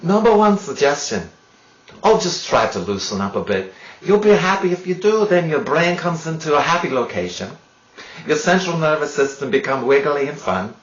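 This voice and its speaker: A man hams it up as a goofy mustached doctor with a put-on German accent, pitched high and bouncing all over the place. He stumbles through his showman patter, and the lo-fi sound rings around a roomy space. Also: big pitch swings, slight background noise. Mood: jolly. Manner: hammy, halting showman patter.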